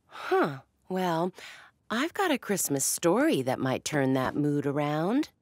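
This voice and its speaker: A woman's voice: low-pitched, big pitch swings, takes it slowly, no room sound, full character voice. A woman voicing a grown-up who tells the kittens a story in a coaxing way. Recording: dry cartoon voice track with faint music.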